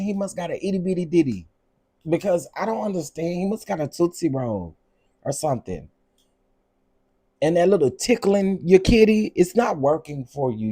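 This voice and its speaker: A man's voice: a little high, breathy edge. Exasperated man ranting on his vlog. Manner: animated, repetitive, exasperated. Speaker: vlog host.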